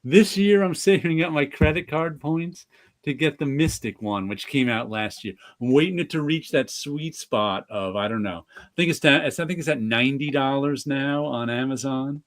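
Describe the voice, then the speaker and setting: A man with a New York accent chats casually as a podcast co-host, his medium-pitched voice expressive and his pace moderate. He rambles, often restarting his sentences and letting out light laughs.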